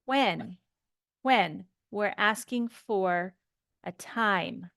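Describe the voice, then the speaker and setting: A woman teaching an English grammar lesson, explaining slowly and patiently and often checking in with "okay?". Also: medium pitch, creaky, a bit bright, no room sound, clean studio sound.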